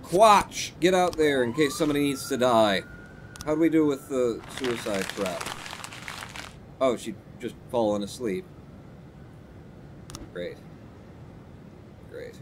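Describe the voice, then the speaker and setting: A man's voice: mid-range voice, takes it slowly, long pauses, a little hiss or hum. A man streaming a game live, reading its text aloud and making sarcastic asides to his chat. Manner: animated, sarcastic, talks to chat.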